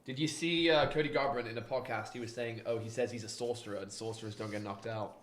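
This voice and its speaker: A young man co-hosting a livestream with dry, teasing banter and quiet asides. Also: mid-range voice, steady tone, quick pace, a little hiss or hum. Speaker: co-host, host's son. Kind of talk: casual banter.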